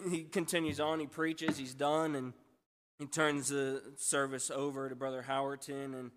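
A man's voice: mid-range voice, a bit bright, smooth. A man, a missionary, telling a church testimony in a storytelling way, breaking off and restarting often and praising God as he goes. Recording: long church hall reverb.

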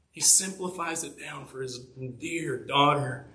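A man preaching a sermon to a congregation, earnest and emphatic, rising in volume on key points and dropping low on others. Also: takes it slowly, sharp tone. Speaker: pastor.

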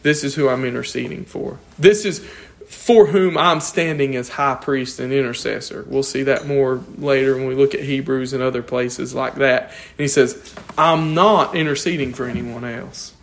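A man teaching an informal Bible study, lively and questioning, often chuckling as he explains the text. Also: medium pitch, normal speed, vocal fry, hardly any pauses.

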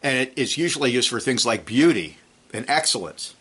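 A man preaching an expository sermon, reading scripture and explaining Greek words in a measured way. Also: medium pitch, animated, a bit bright, husky.

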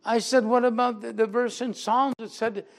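A man's voice: extremely high pitch, level tone, moderate pace, creaky. An older man, a pastor, preaching a sermon and telling a personal testimony, acting out the people he quotes in dialogue and rising into emphatic preaching.

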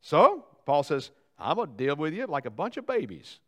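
A pastor preaching a sermon in a church, with folksy jokes and asides to the congregation and a delivery that swings from loud to quiet. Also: male voice, fairly high pitch, huge pitch swings, moderate pace. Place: church sanctuary.

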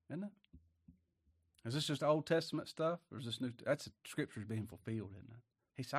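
A man preaching a sermon, swinging from quiet asides to loud emphatic bursts, with folksy talk and chuckles. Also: medium pitch, a little fast, husky, no echo, clean studio sound.

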